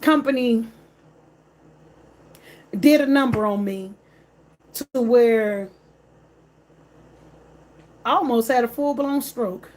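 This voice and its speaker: A woman's voice: on the high side, takes it slowly, pauses often, darkish tone. A woman, vlogging in an emphatic, repetitive, slangy rant straight to camera. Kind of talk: casual direct-to-camera rant.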